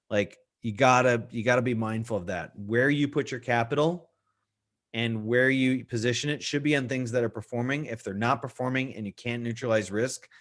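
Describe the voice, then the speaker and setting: A middle-aged man hosts a live trading stream of market analysis, chatting casually, fielding viewers' questions and repeating key points for emphasis. His voice is medium-pitched with a fairly bright tone.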